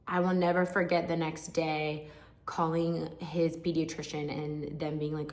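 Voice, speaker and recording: A woman's voice: deep voice, flat delivery, measured pace, roomy sound. A young woman vlogger telling her own story to camera in a frank, emotional, chatty way with many asides. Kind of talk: candid personal storytelling to camera.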